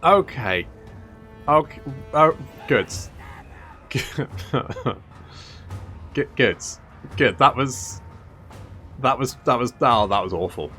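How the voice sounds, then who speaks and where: Male let's-play host, bright and lively, unhurried, prone to sweary outbursts. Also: medium pitch, soft background music. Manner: excitable, swears freely, exasperated outbursts. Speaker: gaming channel host. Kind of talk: strategy game let's play commentary.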